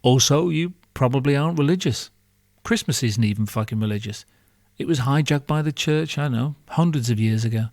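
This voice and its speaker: A man's voice: mid-range voice, brisk, darkish tone, no room sound, clean studio sound. A man hosting a podcast, delivering a sarcastic, profane comic monologue full of rhetorical questions. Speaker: podcast host.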